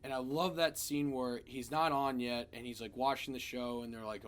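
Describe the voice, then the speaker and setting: A man talking through a film in a casual spoiler review. He retells scene after scene in an animated, profane way, at an ordinary middle pitch for a man. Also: moderate pace.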